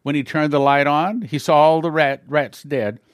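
This man's voice is on the high side, with fairly even intonation and a normal speed, captured in studio quality with no echo. Giving an earnest testimony within a sermon, he tells his story plainly with small slips and acts out dialogue in shifting voices.

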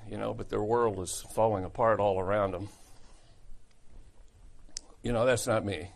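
A man's voice: lowish voice, steady tone, normal speed, vocal fry, pauses often. A male pastor preaching a sermon in a blunt, folksy, conversational way.

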